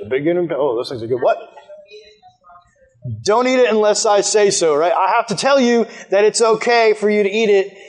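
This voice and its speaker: A young American man telling a rambling, animated story to a room full of listeners, full of "like" fillers. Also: high-pitched. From United States. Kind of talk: storytelling talk to a group. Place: room with a live audience.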